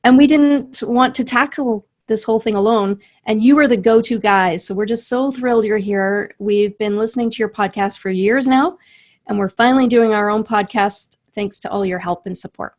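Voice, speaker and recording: A woman's voice: mid-range voice, normal speed. A woman hosting an interview podcast, enthusiastic and admiring toward her guest, laughing often. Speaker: podcast host. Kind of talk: casual interview.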